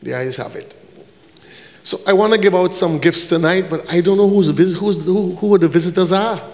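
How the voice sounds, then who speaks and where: In a church hall, a pastor with a high-pitched, somewhat mellow voice preaches at a moderate pace, the sound carrying through the large space. He jokes and banters with the congregation as he hands out gifts during the service, now and then breaking into brief sung lines.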